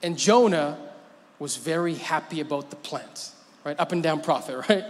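A man's voice: a little high, normal speed, slight background noise. A man pastor preaching a sermon in a church hall, in a conversational, playful way and laughing often. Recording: long hall reverb.

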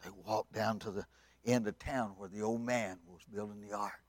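A man preaching at a revival, telling the story dramatically and swinging from loud to hushed. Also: fairly low pitch, fairly even intonation, moderate pace, no room sound. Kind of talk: sermon.

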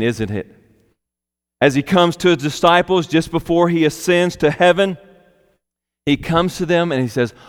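A man preaching a sermon as a pastor, slow and emphatic, repeating key phrases for weight. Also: a little high, clean tone. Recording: long hall reverb.

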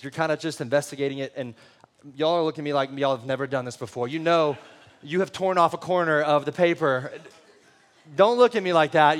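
Pastor, 30s, slightly high voice, relaxed joking sermon delivery. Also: male voice. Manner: conversational and joking, talks straight to the congregation. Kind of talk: sermon with personal storytelling.

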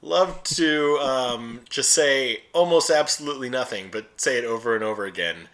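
A man's voice: medium pitch, moderate pace, fairly bright tone. A man co-hosting a sports podcast, rambling loosely in profane, casual fan talk. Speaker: podcast co-host.

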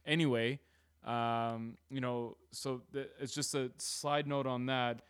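Swearing, laughing podcast host. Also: male voice, medium pitch, slow pace, clear, resonant tone. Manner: animated, swears freely, laughs often. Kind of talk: casual sports chat.

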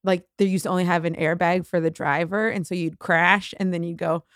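A woman comedian as a podcast guest in casual chat, talking quickly with short agreeing replies. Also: on the low side, steady tone, dry recording, clean studio sound.

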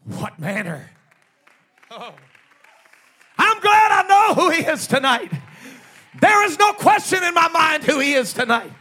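A man preaches a sermon, shouting each line with fervor. His voice is strikingly high and bright, and he draws his refrains out slowly. A congregation murmurs faintly behind him in the church. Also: expressive, some chatter behind. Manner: emphatic, shouted preaching with slow drawn-out refrains. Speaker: pastor.

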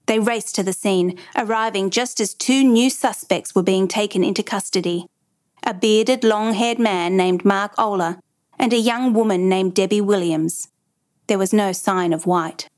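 A woman narrates a true story in a measured, dramatic way. Her voice sits at a middling pitch, and she tells the story with a steady build of suspense.

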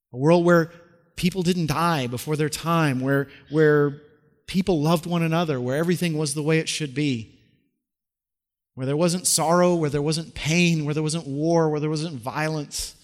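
A middle-aged male pastor delivers a lively, conversational sermon, posing questions to the congregation and frequently restarting sentences. His voice is a bit high for a man, and a large hall's long reverb trails each phrase.

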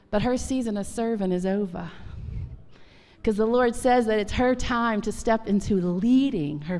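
A woman pastor giving an emphatic, animated testimony sermon in a church. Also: fairly high pitch. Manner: animated, emphatic preaching with Southern turns of phrase. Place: church sanctuary. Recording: long church reverb.

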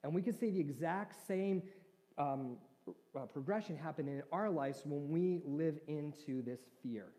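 A man's voice: a little high, measured pace, dark tone. Man preaching a chatty sermon in a hall. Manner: conversational, jokes with the congregation. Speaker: pastor. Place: church hall. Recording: reverberant church hall.

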